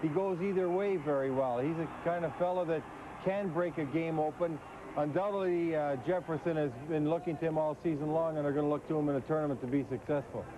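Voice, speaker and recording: A man giving hockey analysis as a guest on a televised preview, earnest and measured, on dull lo-fi TV audio. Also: a little high, steady tone, noisy background. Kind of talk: TV studio analysis.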